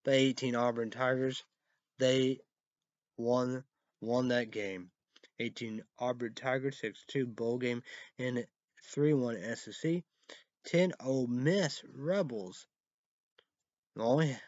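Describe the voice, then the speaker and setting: A man's voice: mid-range voice, darkish tone, dry recording, dull audio. Rambling man recapping college football scores. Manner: rambling, halting, repeats words and fillers. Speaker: show host. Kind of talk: casual sports recap vlog.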